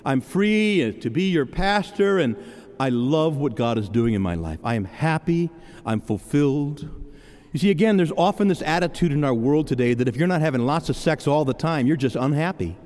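A man's voice: a little high, animated, normal speed, darkish tone. Earnest preaching man, echoing church hall. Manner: earnest, personal testimony with stammered restarts. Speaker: pastor. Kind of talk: sermon. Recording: long hall reverb.

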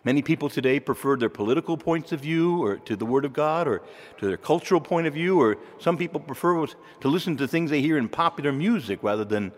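Male preacher, lively pitch, chatty sermon delivery, echoing church hall. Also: brisk. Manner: conversational, animated, asks the listeners questions. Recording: long reverb of a large hall.

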